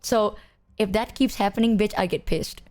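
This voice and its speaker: A woman's voice: medium pitch, normal speed, a little mellow. A woman streamer in casual chat, blunt and questioning, swearing casually.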